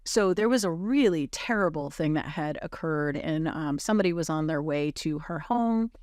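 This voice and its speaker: A woman on a podcast telling a moving personal story in an earnest, halting way, with many fillers and restarts. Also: sits low, expressive, darkish tone, no echo, studio quality.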